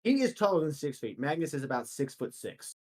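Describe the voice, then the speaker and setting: A man narrating as dungeon master, unhurried and laughing easily, with fillers between descriptions. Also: fairly high pitch, big pitch swings, darkish tone. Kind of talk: narrating a tabletop game.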